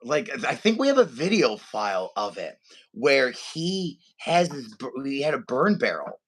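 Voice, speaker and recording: A man co-hosting a podcast, telling a family story in animated casual chat and acting out his relatives' voices. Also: medium pitch, unhurried. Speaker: podcast co-host.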